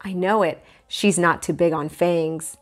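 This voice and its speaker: A woman's voice: fairly low pitch, fairly even intonation, unhurried, natural voice. A woman voicing a wry ten-year-old boy, a big brother with a dry, knowing manner, reading a storybook aloud.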